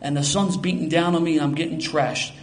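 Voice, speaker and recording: A man's voice: on the high side, steady tone, a little fast, slight background noise. An older man from Philadelphia with a Philadelphia accent, telling a self-mocking, streetwise story to a live audience.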